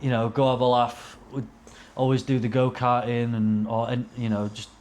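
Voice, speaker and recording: Young bloke rambling thru racing-trip stories, swears a lot, mid pitch, bit of faint noise behind. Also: male voice, flat delivery, moderate pace, a little mellow. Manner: rambling anecdotes, swearing, acts out quotes in a higher voice. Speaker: podcast guest, racing driver. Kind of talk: casual storytelling chat.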